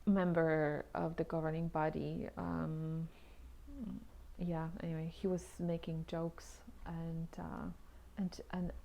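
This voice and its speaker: A woman's voice: low-pitched, takes it slowly, gravelly, slight background noise. Woman vlogger, casual personal storytelling, chatty with restarts and exclamations, slips into half-whispers. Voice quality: lively, often drops into soft half-whispered asides. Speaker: vlogger telling her own story.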